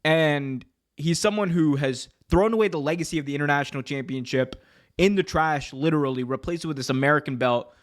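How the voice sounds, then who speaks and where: A man co-hosting a casual wrestling preview podcast, animated and jokey. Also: on the high side, fairly quick. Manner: animated, jokey, puts on mock accents. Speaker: podcast co-host.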